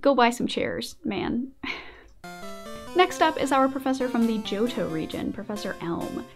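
A woman with a slightly high-pitched voice hosts her own video in a scripted, casual commentary style. She is a writing teacher who keeps slipping in playful joking asides. Soft music plays faintly behind her. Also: very animated, a little slow. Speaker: video essayist and host.

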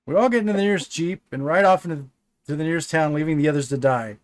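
A man's voice: a little high, very fast, no room sound. A man co-hosting a casual gaming session, reading a text adventure aloud with frequent laughter and casual swearing. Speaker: co-host playing a text adventure.

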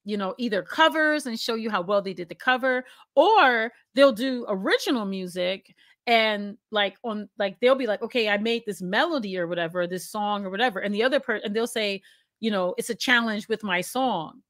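A woman co-hosting a casual conversation, chatty and quick to laugh, filling her sentences with "like.". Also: mid-range voice, a bit bright, no echo, studio quality. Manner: chatty and laughs often, heavy use of "like".

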